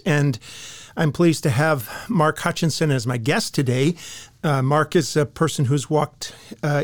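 A man's voice: a little high, no echo. A man hosting a church podcast, introducing the episode and interviewing a guest in an earnest manner with many uhs. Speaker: podcast host and church ministry director.

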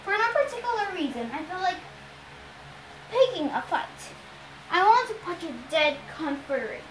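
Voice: very high-pitched, very animated, moderate pace, a bit bright, reverberant, a little hiss or hum, rough recording. A child reading a novel aloud as narrator, stumbling over words and going back to restart them. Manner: reads with slips and restarts, repeating stumbled words. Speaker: reader of a novel.

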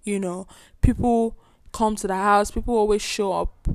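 A woman's voice: mid-range voice, steady tone, normal speed, a little mellow, no room sound, clean studio sound. A young woman, chatting emphatically on her solo podcast from a bedroom at home. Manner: chatty, emphatic, repeats herself. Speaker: podcast host. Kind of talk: casual solo podcast chat.

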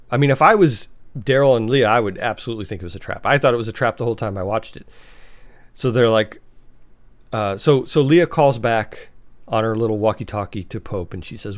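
A man casually recapping a TV episode, talking in a halting, chatty way with restarts. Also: medium pitch, no room sound.

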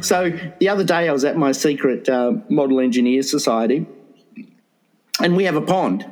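Man, teasing co-host, stammering restarts, casual comedy chat, higher voice. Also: moderate pace, faint music behind, low-quality recording. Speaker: podcast co-host, publisher.

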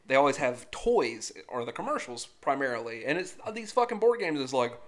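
A woman in her thirties, chatting casually on a podcast and telling profane, animated stories full of acted-out voices. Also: rumbling low, fairly quick. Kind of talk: casual chat.

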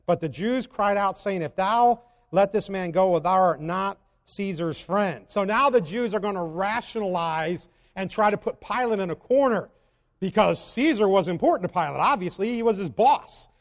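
High-voiced preacher in a reverberant hall. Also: male voice, expressive. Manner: swings between loud emphatic preaching and low, slow scripture reading. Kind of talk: sermon.

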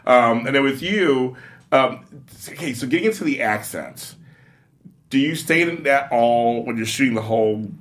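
A man hosting a casual interview, talking quickly and excitably with many restarts. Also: medium pitch. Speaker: interview host.

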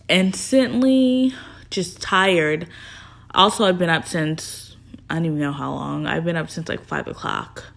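A woman hosting a podcast in casual chat, gossipy and chatty, with lots of filler words. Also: on the low side. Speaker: podcast host.

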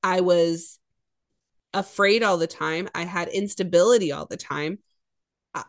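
Candid, reflective woman podcaster in her thirties. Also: fairly low pitch. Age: 30s. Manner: candid, reflective, quick asides. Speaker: podcast co-host. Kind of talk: casual chat.

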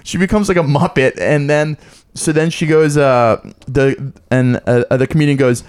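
A man's voice: normal speed, clean tone. A man co-hosting a casual chat, telling a long story and acting out other people's voices. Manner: animated, acts out voices in a high squeal. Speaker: podcast co-host.

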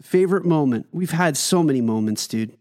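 A man's voice: on the high side, animated, a little fast, darkish tone. A man co-hosting a podcast, telling a story in a jokey, teasing way. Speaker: podcast co-host. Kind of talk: casual podcast chat. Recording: long reverb.

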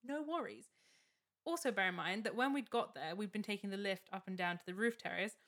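A woman's voice: medium pitch, fast talker. Young woman telling a wild story on a podcast, laughing a lot, doing everyone's voices. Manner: animated, laughing storyteller who acts out quotes. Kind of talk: casual storytelling chat.

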